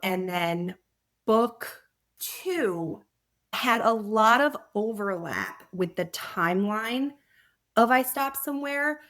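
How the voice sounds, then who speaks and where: A woman author being interviewed on a podcast, telling anecdotes in an animated way and laughing as she talks. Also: a little high, takes it slowly. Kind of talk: conversational interview.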